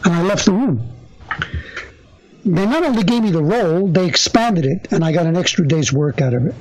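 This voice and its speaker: An older man tells a story as an interview guest, his voice pitched high and swinging widely as he animates each beat. He has a lively storyteller's delivery. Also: moderate pace, poor audio. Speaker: actor, guest.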